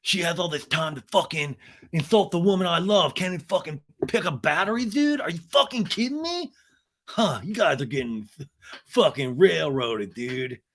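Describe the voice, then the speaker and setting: A man's voice: on the high side, expressive, moderate pace, fairly bright tone. A man impersonating a brash, defensive young man who whines and drawls "dude" when he talks. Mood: indignant.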